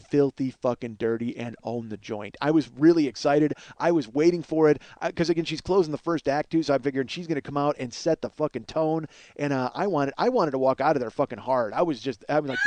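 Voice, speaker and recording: A man's voice: a little high, darkish tone, no room sound. A man in his forties hosting a comedy podcast, telling a story in a profane, ranting, exasperated way. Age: 40s. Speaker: podcast host.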